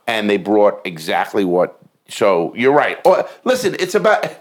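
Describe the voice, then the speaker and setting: Low-voiced rambling man. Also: huge pitch swings, unhurried. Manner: rambling, profane, boastful. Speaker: podcast co-host. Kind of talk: casual chat.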